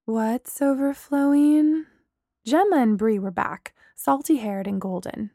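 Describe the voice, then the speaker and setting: A woman narrating a first-person story in a steady, measured way. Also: mid-range voice, creaky, no room sound, studio quality.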